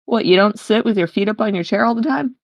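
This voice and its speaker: A woman's voice: on the high side, dry recording, dull audio. Woman, casual streamer chat, rambling, loose, swears freely, close dry mic. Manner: rambling, frequent fillers and laughs, swears casually. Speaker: tabletop game player.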